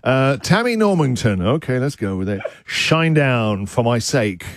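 Lively laughing radio host man. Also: mid-range voice, normal speed. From England. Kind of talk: breakfast radio banter.

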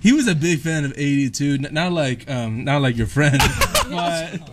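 A young man in casual chat, telling an excited story. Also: a little high, moderate pace, heavy background noise. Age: young adult. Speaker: panelist.

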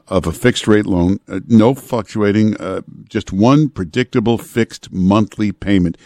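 A male radio talk show host chatting casually and reading ads live in a studio, unhurried and full of filler uhs. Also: fairly low pitch, darkish tone, no echo.

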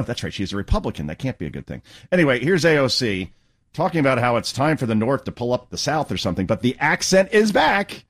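A man hosting a political talk show, sarcastic and mocking, with quick asides. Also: mid-range voice. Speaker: radio talk show host. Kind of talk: opinionated political commentary.

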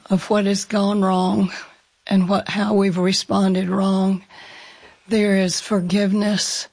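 A woman author in an interview, speaking in a measured, thoughtful way. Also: mid-range voice, a little mellow, poor audio. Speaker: author guest.

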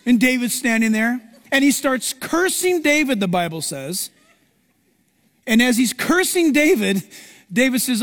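Speaking unhurriedly in an extremely high pitch, a male pastor fills a large hall with his sermon. He brings its stories to life dramatically, playing out every quote.

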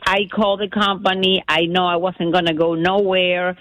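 Excited woman telling her story. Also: fairly low pitch, moderate pace, no room sound, low-quality recording. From Miami, Florida. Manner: animated, breathless retelling with loose grammar. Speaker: guest caller. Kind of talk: casual storytelling.

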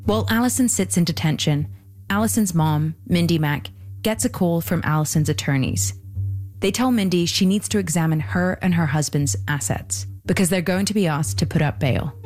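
A woman hosting and narrating a true-crime documentary podcast in a measured scripted read. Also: lowish voice, soft background music. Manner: measured, even delivery.

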